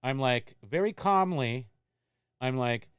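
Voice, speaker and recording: A man hosts a casual livestream about reselling, drifting into long, self-mocking stories. His voice is smooth and clear at a middle pitch. The sound is dry and close, with no room around it. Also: animated, slow, a bit bright, dry recording. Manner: rambling, self-mocking storyteller. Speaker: eBay reseller hosting a livestream.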